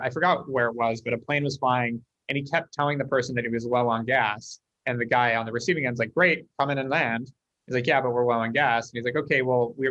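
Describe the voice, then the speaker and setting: Brief: American male guest, rapid anecdotal delivery, slightly dull recording. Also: medium pitch, no echo. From United States. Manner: fast, animated storyteller acting out dialogue. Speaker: guest, company leader. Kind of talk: casual interview talk.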